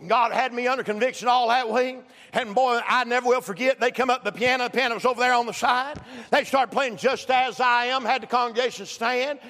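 A man preaches with a strikingly high, bright voice, his words laced with "uh" and rising into shouts. The sermon rings out through the long reverb of a church hall. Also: fast talker, hardly any pauses. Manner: fervent, frequent "uh" fillers, bursts of shouting. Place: church sanctuary.

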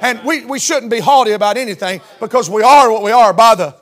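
High-voiced fervent male preacher. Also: brisk. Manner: fervent Southern-style preaching, rising to shouts. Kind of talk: sermon.

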